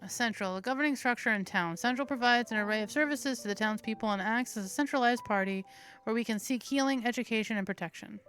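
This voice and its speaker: A woman's voice: fairly high pitch, fast talker, a bit bright, soft background music. A woman hosting a let's play, reading the game's narration aloud with playful, crude asides. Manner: playful, giggly, crude jokes between narration. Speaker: host.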